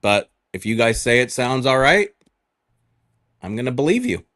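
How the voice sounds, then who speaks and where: A man calling in as a podcast guest, reporting news in a measured way with frequent restarts. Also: mid-range voice, big pitch swings, a bit bright. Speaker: guest NBA insider. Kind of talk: casual podcast chat.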